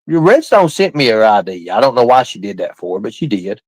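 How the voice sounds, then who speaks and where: Rambling live-stream guy with a lively voice. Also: fairly low pitch, a little fast, no echo, rough recording. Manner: rambling, repetitive, quizzing the chat. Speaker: livestream host. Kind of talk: casual live-stream talk to chat.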